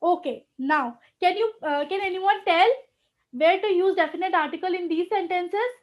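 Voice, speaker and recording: A woman's voice: very high voice, normal speed. A woman teaching grammar in a live online class, explaining step by step and often checking in with "okay".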